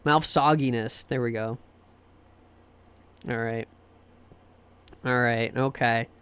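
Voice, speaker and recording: A man's voice: medium pitch, steady tone, slow pace, fairly bright tone, smooth. A man streaming a game live, chatting in a rambling, jokey and crude way. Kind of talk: casual gaming stream chat.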